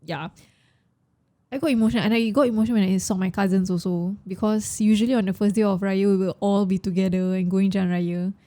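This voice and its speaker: Young Singaporean woman, podcast co-host, mellow tone, emotional and chatty, slips into Malay. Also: mid-range voice, steady tone, fast. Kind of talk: casual chat.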